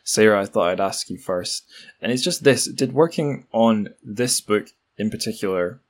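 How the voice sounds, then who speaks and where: A man's voice: lowish voice, moderate pace. A man interviewing guests in a casual discussion, thoughtful and somewhat hesitant.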